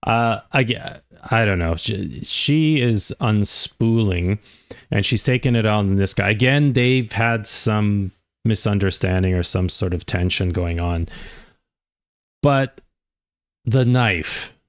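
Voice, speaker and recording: An older man, a retired chef, giving casual reaction commentary with unhurried talk, chuckles and restarts. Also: lowish voice, clean tone, no room sound.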